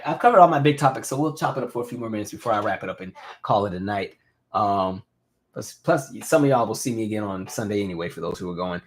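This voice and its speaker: A man in his thirties hosting a casual live stream, telling animated stories and reading viewer comments aloud. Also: fairly low pitch. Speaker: host.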